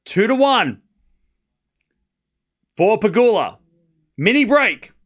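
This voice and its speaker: A man hosting a live stream, calling tennis play-by-play in a chatty, excitable way, joking about the crowd and talking to his viewers. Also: sits high, slow pace. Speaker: stream host.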